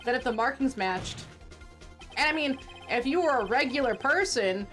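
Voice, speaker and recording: A determined young defense attorney, read by a woman in a game playthrough. He lays out evidence calmly and methodically, with a slightly high, light voice. Soft music sits in the background. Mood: explaining. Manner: steady, measured, building to accusation.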